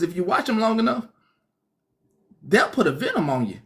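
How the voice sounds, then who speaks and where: A man preaching casually on a livestream, animated and laughing often, acting out other people's thoughts in whispers. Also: high-pitched, moderate pace, pauses often. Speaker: online pastor.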